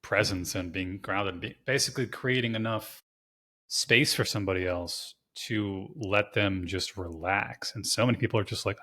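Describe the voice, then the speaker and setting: A man hosting a podcast, chatting casually and animatedly, swearing loosely and peppering his talk with "like". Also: on the low side. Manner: rapid, animated, swears casually, lots of filler "like". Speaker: podcast host. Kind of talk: casual conversational podcast chat.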